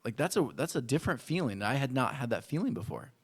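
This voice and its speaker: A male pastor telling a personal story in a sermon, acting out voices from his childhood with lively animation. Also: medium pitch, quick pace, breathy edge. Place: church.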